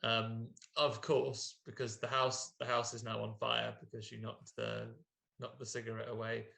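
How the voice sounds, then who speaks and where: Gravelly-voiced man recapping a film. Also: mid-range voice, level tone, moderate pace, bright, forceful tone. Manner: jokey, acts out characters in put-on voices. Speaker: podcast co-host. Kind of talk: casual film recap chat.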